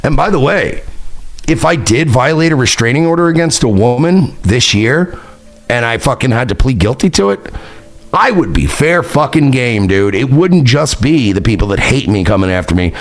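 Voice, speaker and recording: A man's voice: medium pitch, lively intonation, moderate pace. A man hosting his own online show, delivering a profane, mocking rant at a rival, taunting and sarcastic. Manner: sarcastic, taunting, swings between shouting and muttering.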